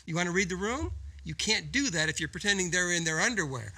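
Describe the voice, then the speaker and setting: A man's voice: sits high, lively intonation, fast talker, bright, forceful tone. A man co-hosting a business podcast, explaining in an emphatic, coaching way and often tagging points with "right?". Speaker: podcast co-host. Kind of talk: casual business podcast talk.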